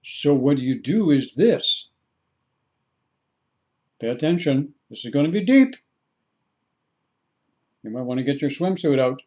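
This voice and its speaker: Slow, deliberate man guiding a meditation. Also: medium pitch, big pitch swings, darkish tone, muffled recording. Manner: slow, deliberate, repeats phrases for the listener. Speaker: spiritual teacher. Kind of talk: guided meditation talk.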